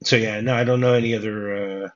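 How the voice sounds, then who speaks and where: A man's voice: on the low side, fairly even intonation, fast, dull audio. A man hosting a casual movie podcast who retells film scenes and acts out the characters' lines. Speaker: podcast host.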